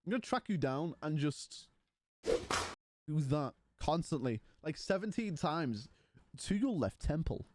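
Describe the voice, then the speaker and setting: Lively, teasing male streamer. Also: on the high side, normal speed, heavy background noise. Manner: playful, teasing banter with chat. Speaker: Twitch streamer. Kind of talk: casual live-stream chat.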